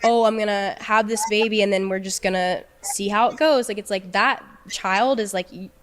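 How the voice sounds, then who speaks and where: A young adult woman telling an emotional personal story, halting and often repeating words as she restarts. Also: mid-range voice, fairly even intonation. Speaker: guest telling her story.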